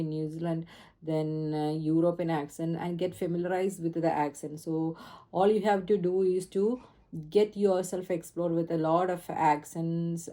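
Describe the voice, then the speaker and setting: This English test trainer, an Indian woman, films her lesson on a phone camera. Her voice is low and mellow, her delivery earnest, with pauses on fillers as she explains.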